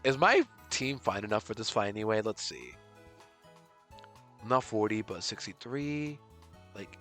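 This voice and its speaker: A male streamer narrates a live game run in a bright, forceful voice that sits on the low side. Excitable, he lurches between panicked outbursts and relaxed banter with chat while faint game music plays underneath.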